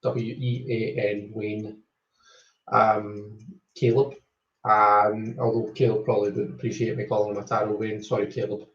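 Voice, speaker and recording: A man's voice: fairly low pitch, little pitch movement, unhurried, fairly bright tone. A Scottish man hosting a tarot live stream, greeting viewers one by one in a rambling, casual chat full of ums. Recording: roomy, slightly dull home stream audio.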